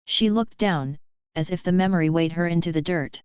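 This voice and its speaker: A woman's voice: on the low side, brisk, a little mellow, smooth, dry recording. A woman narrating a fan fiction story in a dramatic storytelling manner, on a dull lo-fi recording. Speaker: story reader.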